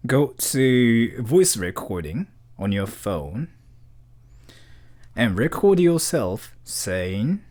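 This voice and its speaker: A man's voice: medium pitch, big pitch swings, extremely slow, a little mellow. A man in his twenties talking casually to camera, rambling and mocking himself. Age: 20s. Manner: rambling, joking, self-mocking. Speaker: vlogger.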